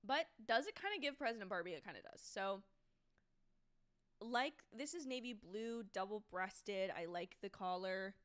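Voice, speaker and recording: A woman's voice: mid-range voice, lively intonation, normal speed. A young woman hosting a casual livestream from home, chatting in a self-deprecating way and often trailing off mid-thought. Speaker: livestream host. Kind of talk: casual live watch-along commentary.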